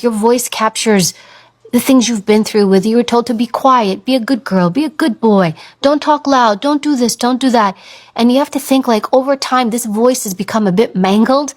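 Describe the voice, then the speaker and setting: A woman in her thirties giving an earnest motivational talk about owning your voice, slowing down to stress her points. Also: a little high. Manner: earnest, coaching, stretches words for emphasis. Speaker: speaker on confidence and voice.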